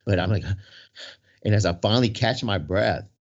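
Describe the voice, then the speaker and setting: Male storyteller with a low voice, loose and rambling, heard on dull lo-fi audio. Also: normal speed. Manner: rambling, full of "right?" and restarts. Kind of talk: casual storytelling in conversation. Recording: dull lo-fi sound.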